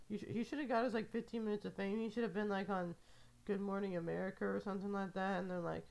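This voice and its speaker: A woman's voice: medium pitch, steady tone, fast, vocal fry, darkish tone. A young adult woman rambling in a casual, filler-heavy podcast monologue, amused and meandering.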